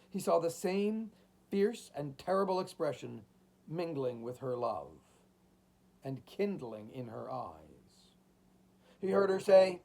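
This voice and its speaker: A man reading a classic novel aloud, with an expressive, dramatic delivery. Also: on the high side. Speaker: audiobook reader.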